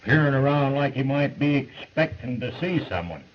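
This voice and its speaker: An actor playing a friendly, joking outlaw cowboy who talks in a folksy, joshing way, in 1930s film acting. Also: male voice, medium pitch, lively intonation, normal speed, lightly acted. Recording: muffled old film soundtrack with hiss.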